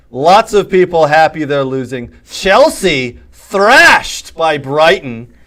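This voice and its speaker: Man putting on Roy Kent, raspy gruff Englishman. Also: on the high side, natural voice. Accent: put-on English, drifting Australian. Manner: barking, insulting the viewers. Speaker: host. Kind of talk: costumed show opening.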